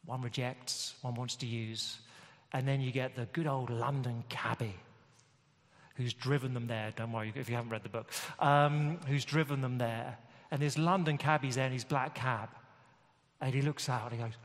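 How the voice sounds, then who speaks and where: A man preaching a sermon, enthusiastic and storytelling, often pausing with fillers as he gathers thoughts. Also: medium pitch, steady tone. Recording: long hall reverb.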